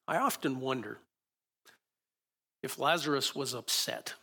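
A man's voice: medium pitch, slow, vocal fry, pushed and bright, slightly rough. A man preaching a sermon in a conversational, musing way, often restarting his sentences.

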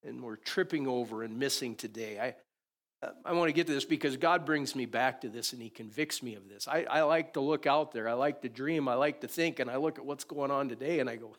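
A man preaching a conversational sermon, often asking "right?" and moving between loud and quiet. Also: medium pitch, a little fast. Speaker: pastor.

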